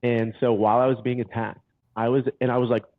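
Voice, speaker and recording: Animated man on a tinny line. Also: medium pitch, fast talker, no room sound. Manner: animated storyteller, says dude a lot. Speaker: podcast guest. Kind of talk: casual conversation. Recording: tinny phone-like line, dry.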